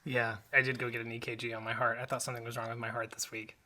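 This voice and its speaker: A man's voice: mid-range voice, little pitch movement, racing, sharp tone. A man in his thirties co-hosting a podcast in casual chat, joking and teasing, chuckling often. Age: 30s. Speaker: podcast co-host. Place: home studio blanket fort.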